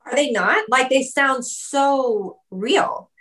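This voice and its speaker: A woman's voice: high-pitched, slow, fairly bright tone. Casual talk, chatty woman full of "likes" and "ums". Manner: chatty, lots of "like" and "um", laughs often. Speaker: musician guest. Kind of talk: casual interview chat. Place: video call.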